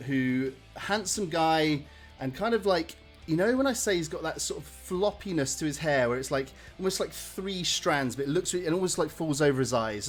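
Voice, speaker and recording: A man narrating as game master in a casual way, with many fillers. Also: mid-range voice. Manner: casual, lots of fillers, laughs often.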